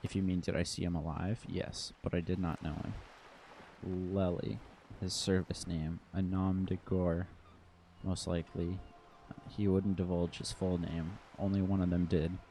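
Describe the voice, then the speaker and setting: A man reading the lines of a composed, guarded woman who acts as liaison for hired mercenaries, in a calm, measured way. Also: low voice, slight background noise.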